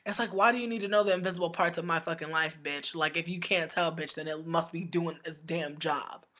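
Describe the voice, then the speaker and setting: A woman's voice: low voice, fairly quick. A woman vlogger telling stories in a blunt, profane, casual rant, full of "like" fillers. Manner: profane, blunt, heavy use of filler 'like'; animated, indignant storytelling.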